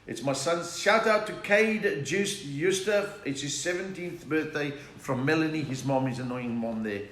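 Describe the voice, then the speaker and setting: A man's voice: on the high side, moderate pace, a bit bright. A South African man, a comedian, chatting and telling jokes on a live stream from home and answering viewers' requests. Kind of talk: live-stream joke chat. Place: home during lockdown. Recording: echoey room, faint noise.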